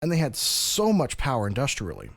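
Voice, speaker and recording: A man's voice: mid-range voice, huge pitch swings, a little fast, vocal fry, no echo. A man hosting a podcast, explaining history in a casual, lecturing way with frequent restarts. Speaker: podcast host.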